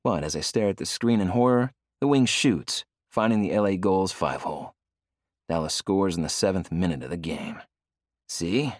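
A young man narrating a first-person novel, wry and expressive, on a close studio mic. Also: sits low, normal speed, no room sound. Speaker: audiobook narrator.

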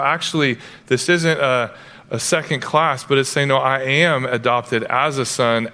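A young adult man preaching as pastor, telling stories with lively acted-out voices. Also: mid-range voice. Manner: animated storytelling, acts out voices in anecdotes. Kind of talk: sermon. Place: church. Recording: long reverb of a church hall.

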